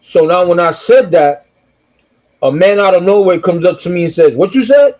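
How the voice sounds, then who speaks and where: A male co-host with a somewhat high voice tells a story in an animated, casual way. The audio is dull and lo-fi, missing its top end. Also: moderate pace. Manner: animated anecdote teller.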